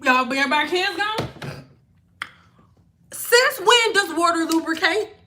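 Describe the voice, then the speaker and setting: Bright high-voiced woman, blunt and profane. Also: animated, unhurried, a little hiss or hum. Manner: mocking impressions of viewers. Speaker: hair stylist vlogger. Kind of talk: live-stream rant.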